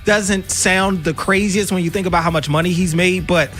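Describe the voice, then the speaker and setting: A high-pitched man with a Baltimore accent talks sports on the radio in animated, emphatic bursts, full of quick asides. Faint music plays under his voice in the studio. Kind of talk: casual sports radio banter.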